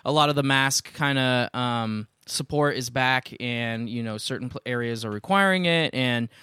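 A man's voice: medium pitch, moderate pace, sharp tone, clear, resonant tone, no room sound, clean studio sound. Easygoing man hosting with many fillers. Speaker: podcast host. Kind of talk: casual chat. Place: home studio in Greenwood.

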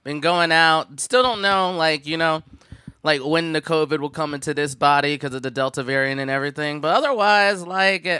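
A man's voice: fairly high pitch, moderate pace, pushed and bright, smooth. A young adult man co-hosting a casual podcast chat, talking in a heated, profane rant full of fillers. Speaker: podcast co-host.

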